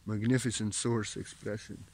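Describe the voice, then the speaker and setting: A man's voice: fairly low pitch, little pitch movement, moderate pace, darkish tone. A man giving a heartfelt spiritual talk as a teacher, repeating his points emphatically and now and then swearing bluntly. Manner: impassioned, repetitive and emphatic.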